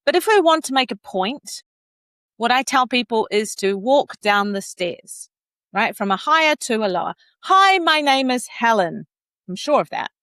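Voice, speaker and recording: A woman vocal coach giving conversational advice, animated and laughing now and then as she demonstrates pitch. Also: normal speed, no echo.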